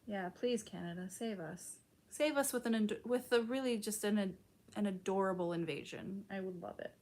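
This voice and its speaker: A woman's voice: mid-range voice, moderate pace, darkish tone. A young woman from Chicago chatting casually with her stream's chat, full of "like" and casual swearing. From Chicago, United States.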